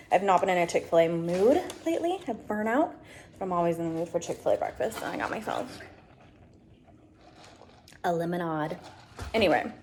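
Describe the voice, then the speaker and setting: A vlogger with a medium-pitched voice chats casually to her camera, exasperated and talkative, ranting and venting as she goes through her errands. There's slight background noise.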